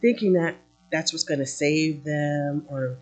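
A woman preaching a sermon in an expressive way, swinging between loud emphasis and soft asides, with fillers now and then. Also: sits low, a little slow.

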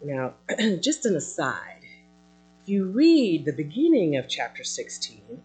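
A woman preaches a sermon in a breathy, husky voice, taking her time over each phrase. Her pitch sits a little low but swings widely as she moves between loud emphasis and soft asides. Faint music and a mains hum sit behind her. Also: sing-song, slow pace, long pauses.

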